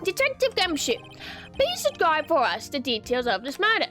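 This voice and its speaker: A cool, confident male prosecutor with a put-on British accent, played by a woman. He speaks formally, stretching out names, and his voice sits high and lively. Faint game music plays behind him. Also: moderate pace, heavily acted. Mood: smug.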